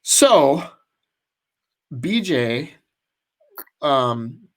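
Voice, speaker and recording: A man's voice: mid-range voice, big pitch swings, drawn-out words. Rambling man telling a story. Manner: rambling, many restarts and fillers. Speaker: podcast co-host. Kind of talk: casual storytelling chat.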